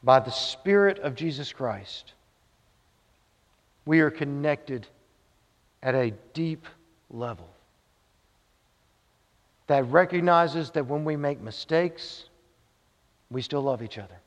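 A man's voice: medium pitch, lively intonation, takes it slowly, pauses often. A male pastor preaching a sermon, telling a story and returning to short repeated refrains for emphasis. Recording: dull sound with long hall reverb.

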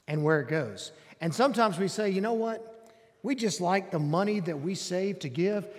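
A man, a pastor making an earnest, inviting announcement to his congregation in a church sanctuary. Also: a little high. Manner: earnest, inviting, emphatic repetition. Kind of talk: announcement from the pulpit. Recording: long hall reverb.

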